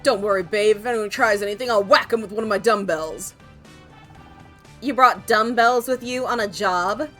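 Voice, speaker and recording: A woman's voice: mid-range voice, moderate pace, a bit bright, faint music behind, natural voice. A woman voicing a laid-back, flirty male actor in a game, breezy and teasing. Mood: cocky.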